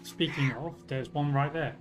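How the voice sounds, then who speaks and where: A man's voice: a little high, steady tone, normal speed, faint music behind, rough recording. Rambling British man streaming a game. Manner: rambling, joking with chat. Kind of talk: casual live-stream chat.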